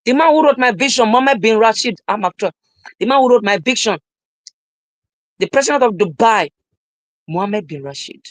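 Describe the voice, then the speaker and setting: A man's voice: sits high, animated, normal speed, pauses often, dry recording, low-quality recording. Emphatic young man preaching in a dry voice. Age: young adult. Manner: emphatic and repetitive, preaching, rising to shouts. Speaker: motivational speaker. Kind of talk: live-streamed motivational talk.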